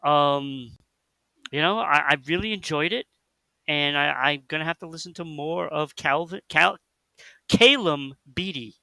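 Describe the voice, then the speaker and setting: Male co-host, chatty and rambling, slightly higher voice, dry close mic. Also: unhurried, gravelly, no room sound. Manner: rambling, animated, many fillers and restarts. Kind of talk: casual radio chat about music.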